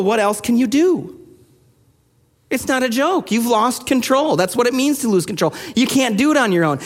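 High-voiced pastor preaching in a reverberant hall. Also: male voice. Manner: conversational, animated storytelling with rising intensity. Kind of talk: sermon.

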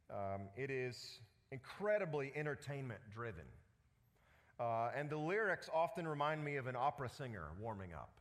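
A man preaching a sermon as pastor, animated and full of rhetorical questions. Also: mid-range voice.

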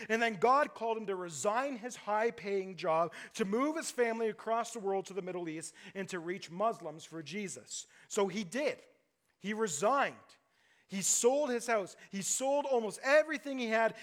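A man's voice: high-pitched, fairly bright tone. A pastor preaching a sermon to his church, emphatic and direct, asking his congregation rhetorical questions.

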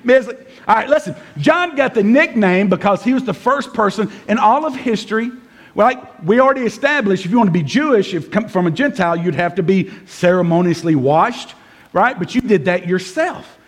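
A high-voiced man preaches to his congregation. He tells the story in an animated way and acts out the figures as he goes. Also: moderate pace. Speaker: pastor. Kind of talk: sermon. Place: church service before a congregation.

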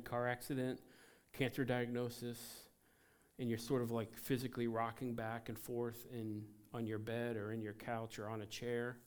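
A man's voice: medium pitch, clear, resonant tone. Earnest man preaching a sermon. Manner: conversational, earnest, self-deprecating laughs. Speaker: pastor.

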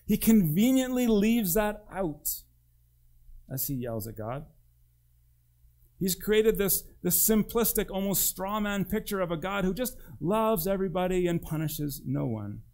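A man's voice: sits high, animated, measured pace, darkish tone. A man preaching a sermon as pastor, with an emphatic delivery that swings between rising and dropping.

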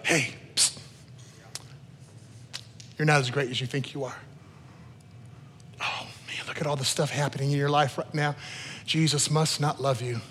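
A man voicing a sly male tempter, whispering quick, undermining taunts. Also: fairly high pitch, steady tone, a bit bright, big-room sound, a little hiss or hum, voice pushed down. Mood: taunting.

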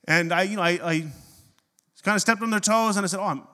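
A middle-aged male pastor preaching in a storytelling, self-deprecating way, his voice sitting a bit higher than most men's. He swings between quiet confiding asides and loud, animated bursts. A long reverb trails each phrase as if in a church sanctuary. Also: a little fast. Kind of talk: sermon.

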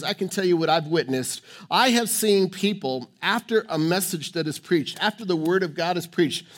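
A man preaching from the pulpit in an emphatic, repetitive way, hammering the same phrase over and over. His voice sits a little above the usual pitch for a man, and he stumbles and restarts as he goes. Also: a bit bright. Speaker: pastor. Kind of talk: sermon. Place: church.

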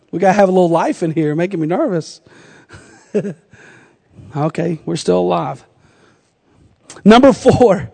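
High-voiced Southern pastor in a hall. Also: male voice, gravelly, darkish tone. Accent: Southern US, North Carolina. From North Carolina, US. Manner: humorous storytelling with frequent laughter. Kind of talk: sermon.

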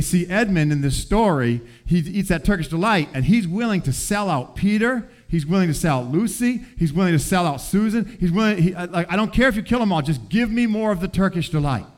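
Man telling a faith story. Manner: animated storytelling with acted quotes, often drops soft and low. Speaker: teacher.

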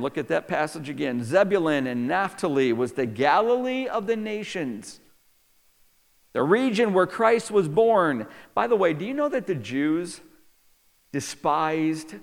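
A man's voice: on the high side, creaky, long reverb tail. A man preaching a sermon, asking the listeners question after question as he explains the land and its people. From New York. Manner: animated preacher, asks the crowd many questions. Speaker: pastor.

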